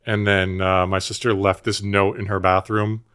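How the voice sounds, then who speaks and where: A man's voice: lowish voice, little pitch movement, normal speed, a bit bright, smooth. A man co-hosting a podcast in casual chat. He jokes a lot, laughs often and plays with silly accents. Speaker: podcast co-host.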